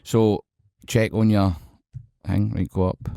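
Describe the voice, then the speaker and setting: Laughing Scottish podcast host. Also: male voice, lowish voice, level tone, takes it slowly, gravelly, dark tone, slight background noise. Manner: swears freely, laughs often. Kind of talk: casual banter.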